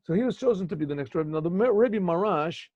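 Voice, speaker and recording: Gravelly, high-voiced rabbi telling a story. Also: male voice, lively intonation, fast talker, darkish tone, no room sound, dull audio. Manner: conversational, digressive, asks listeners. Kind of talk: storytelling lesson. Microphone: video call.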